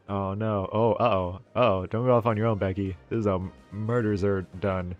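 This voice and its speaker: A man's voice: fairly low pitch, steady tone, moderate pace, few pauses, soft background music. A man streaming a video game, with casual, joking, profane commentary. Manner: joking, swears, laughs often.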